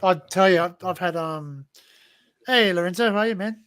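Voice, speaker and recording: A man's voice: sits high, moderate pace, fairly bright tone. A man with an Australian accent hosting a casual livestream chat, swearing freely and laughing through rambling stories. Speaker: livestream host.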